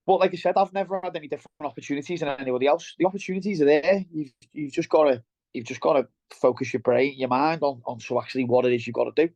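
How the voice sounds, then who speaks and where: A man's voice: a little high, quick pace, a little mellow, no echo. A middle-aged man with a Merseyside accent, a guest chatting bluntly and plainly about his work, calling the host "mate". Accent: Merseyside English. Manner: blunt, down-to-earth, keeps saying "mate". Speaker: guest, welder turned operations head. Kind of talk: casual interview chat. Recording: dull lo-fi sound.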